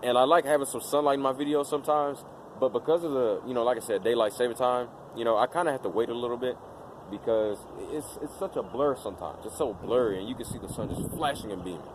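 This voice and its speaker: A man talks casually to his camera outdoors in daylight, wandering through his thoughts with plenty of fillers and restarts. His pitch sits in an ordinary middle range, and faint passing traffic hums behind him. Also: fast. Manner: rambling, with many fillers and restarts. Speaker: vlogger.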